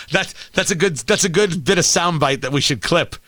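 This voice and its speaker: A man hosting a talk show, delivering an animated, sarcastic political rant. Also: a little high, measured pace, no echo, clean studio sound. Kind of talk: opinionated political monologue.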